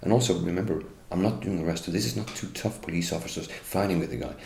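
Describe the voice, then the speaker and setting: A middle-aged man speaks English in a very low, gravelly voice. He tells his account with bitter indignation and keeps turning to accuse the people he blames. The sound is roomy and echoey, with faint ambience behind him. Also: fast, a little mellow, a little hiss or hum. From Norway. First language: Norwegian. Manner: indignant, bitter, addresses the police directly. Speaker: interviewee. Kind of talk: first-person account.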